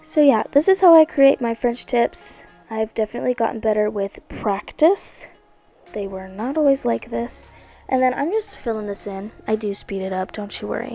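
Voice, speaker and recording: A woman's voice: fairly high pitch, creaky. A woman narrating a nail art video in a chatty, playful way, correcting herself and tossing in asides. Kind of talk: casual voice-over narration. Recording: soft music underneath.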